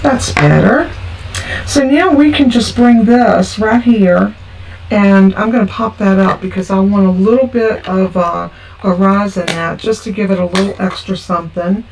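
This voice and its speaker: A chatty woman walks through a card-making tutorial step by step. Her voice is a little gravelly and sits back from the mic. Faint noise hums under it. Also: medium pitch, a little slow, a little mellow. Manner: chatty, homey, talks through each step. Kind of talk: casual craft tutorial. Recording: from a distance with faint background noise.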